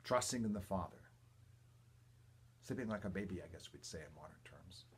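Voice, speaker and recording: An older man, a priest, reading the gospel and a homily in a measured, reverent way, with emphatic quotes and quiet asides. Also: low voice, animated, slightly rough. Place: church or home, livestream.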